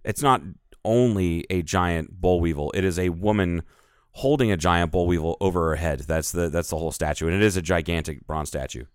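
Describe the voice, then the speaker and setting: A man's voice: low voice, brisk, smooth, dry recording, studio quality. A middle-aged man chatting casually as a podcast co-host, telling rambling, jokey stories and correcting himself as he goes. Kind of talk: casual chat.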